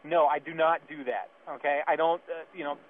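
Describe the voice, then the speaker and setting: A man's voice: fairly high pitch, steady tone, a little fast. A man calling in to a radio show, arguing insistently. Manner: insistent, argumentative. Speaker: caller. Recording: phone line with faint noise.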